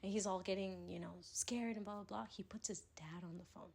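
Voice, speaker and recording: A young woman hosting a podcast, telling animated stories in casual chat with laughter. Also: mid-range voice, brisk, vocal fry, husky. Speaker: podcast host. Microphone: podcast microphone.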